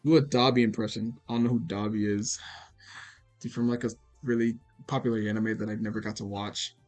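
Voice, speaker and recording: A man's voice: lowish voice, steady tone, fairly quick, darkish tone, soft background music. A young man answering chat questions on a casual livestream, rambling and swearing with many fillers. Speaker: animator streaming a Q&A.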